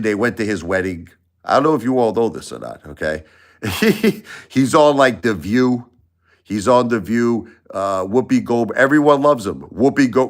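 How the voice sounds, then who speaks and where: Male streamer host, low voice, loose rambling delivery with lots of repetition. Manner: rambling, repeats himself, animated. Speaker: livestream host. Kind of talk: casual opinion livestream.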